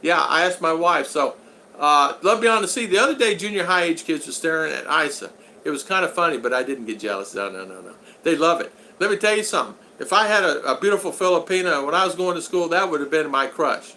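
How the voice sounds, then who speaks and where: A man's voice: a little high, expressive, fairly quick, bright, forceful tone, rough recording. A man in his sixties hosting a casual livestream, reading viewer comments aloud in a rambling, folksy, joking way. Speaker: channel host.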